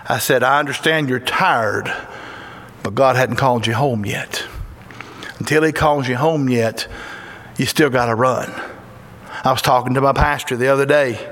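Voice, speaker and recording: A man's voice: medium pitch, a bit bright. A man with a Southern Tennessee accent preaching a sermon in a church, fervent and folksy with bursts of exclamation. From Tennessee, USA. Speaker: guest preacher. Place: church sanctuary. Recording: echoey church hall reverb.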